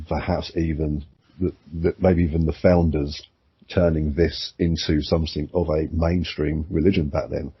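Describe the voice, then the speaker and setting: A man's voice: a bass voice, slightly rough, no room sound. A man co-hosting a podcast in casual chat, rambling, swearing and acting out quoted voices. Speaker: podcast co-host. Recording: dull lo-fi sound, dry.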